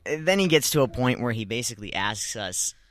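A man's voice: medium pitch, fairly quick. A man hosting a casual podcast, telling a long rambling story with lots of restarts and asides. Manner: animated, rambling with many restarts.

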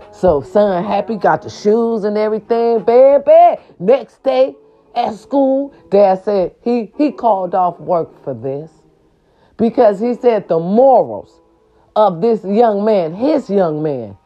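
A woman telling a story in a casual monologue. She talks in an animated, emphatic way, swears freely, and keeps checking in with her listeners. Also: mid-range voice, takes it slowly, dull audio, soft background music. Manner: animated, emphatic and profane, with frequent rhetorical check-ins.

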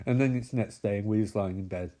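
A man's voice: fairly low pitch, fairly quick, mellow. A man giving a crude, joking, casual recap of a show. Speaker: comedic recapper.

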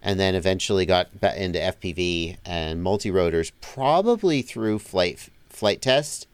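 A man with a fairly low voice and a smooth, resonant tone talks easily as an interview guest. His delivery is relaxed and conversational. He drifts through stories with plenty of fillers. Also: normal speed, no echo. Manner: easygoing, chatty, with many fillers. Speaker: interview guest, drone video creator. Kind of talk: casual conversational storytelling.

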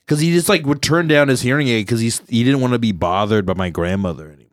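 Male comedy podcast host, mid-pitched, dry close mic, crude and jokey banter. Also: no room sound. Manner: swearing, joking, does quick silly voices. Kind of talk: casual chat.

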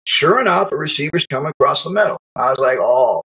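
A middle-aged man casually recounting a memory, animated, acting out quotes and laughing often. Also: a little high, fast talker, poor audio. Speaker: storyteller recalling youth football. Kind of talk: casual spoken memoir.

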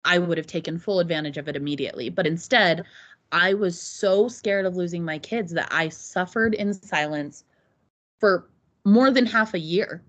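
Podcast guest: woman in her thirties, earnest and reflective, fairly low voice, restarts often. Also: normal speed, a bit bright. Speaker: podcast guest, Navy mother. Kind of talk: candid personal interview.

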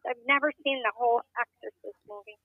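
A woman's voice: on the high side, fairly even intonation, quick pace, phone-quality sound. A woman calling in to a podcast, chatty and agreeable. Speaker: caller. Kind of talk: casual chat.

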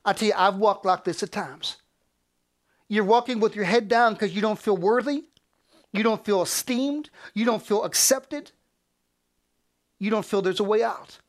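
A man preaching a sermon as a pastor, fervent and repetitive, rising to near-shouts and dropping to hushed whispers. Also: high-pitched, moderate pace, long pauses.

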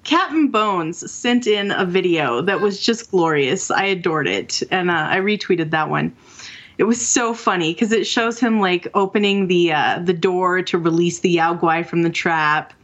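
A woman's voice: on the low side, unhurried, highs cut off. A woman co-hosting a casual gaming podcast, chatty and enthusiastic as she talks through fan submissions over a remote call. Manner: chatty, enthusiastic, laughs easily. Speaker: podcast co-host. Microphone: remote call mic.

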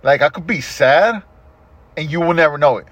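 Husky middle-aged man, animated and profane. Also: fairly high pitch, normal speed, dry recording. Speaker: podcast host. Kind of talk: casual chat. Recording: dull lo-fi podcast audio.

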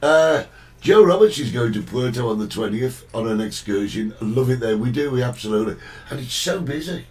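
A man's voice: medium pitch, expressive, a little fast, a little mellow, distant mic, poor audio. A man hosting a casual talk show, chatting and reading out viewer greetings. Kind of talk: casual chat.

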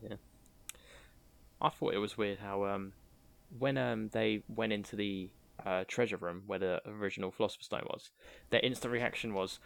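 A man's voice: fairly low pitch, steady tone, moderate pace, vocal fry, fairly bright tone. A man co-hosting a horror film podcast, chatty and playful, acting out scenes as he talks. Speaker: podcast co-host. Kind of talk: casual film review chat.

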